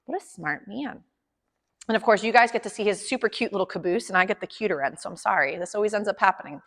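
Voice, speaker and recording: A woman's voice: medium pitch, quick pace, fairly bright tone, big-room sound. A woman dog trainer explaining a session to her clients, upbeat, chatty and encouraging.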